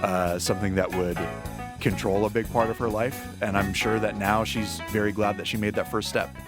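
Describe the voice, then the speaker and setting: A man co-hosting a podcast chats casually, telling stories and dropping quick, wry asides. His voice is on the low side with a flat delivery, and music plays in the background.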